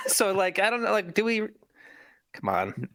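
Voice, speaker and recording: A man swings his pitch widely as he rants with sarcasm about films, cursing freely as a stream co-host. His voice sits dry and close to the mic. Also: measured pace, no echo. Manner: animated, swearing, sarcastic. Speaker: podcast co-host. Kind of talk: casual chat about movies.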